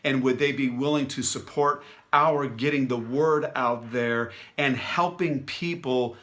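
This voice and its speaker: A man talking straight to his followers in an energetic, enthusiastic way, a little out of breath. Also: mid-range voice, unhurried. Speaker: vlogger addressing followers. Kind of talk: casual direct-to-camera announcement.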